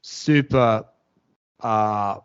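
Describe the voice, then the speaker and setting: A man hosting a casual podcast chat, talking in a rambling, halting way full of restarts. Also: lowish voice, smooth. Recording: dull lo-fi podcast audio.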